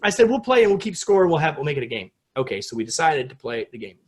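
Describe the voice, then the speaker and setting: A middle-aged man from the United States, a guest in a casual interview, telling a story with lively acted-out quotes. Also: fast, slight background noise. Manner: animated storyteller, acts out quotes with rising pitch.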